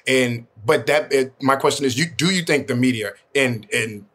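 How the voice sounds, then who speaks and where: Halting man hosting a casual talk. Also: mid-range voice, fairly bright tone. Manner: halting, restarts sentences. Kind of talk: casual panel discussion.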